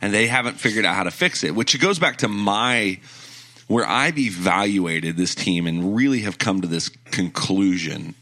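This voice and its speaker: A man's voice: fairly low pitch, moderate pace, bright, forceful tone. A man co-hosting a podcast, chatting casually about basketball, opinionated and explaining at length. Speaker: podcast co-host. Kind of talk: casual sports chat.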